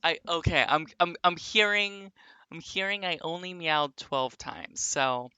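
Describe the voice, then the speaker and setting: Man, live streamer, rambling chat with viewers, crisp clear voice, very dry sound. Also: fairly high pitch, a little slow, pushed and bright, no room sound. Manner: rambling, filler-heavy, chatting with viewers. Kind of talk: casual live-stream commentary over a basketball sim.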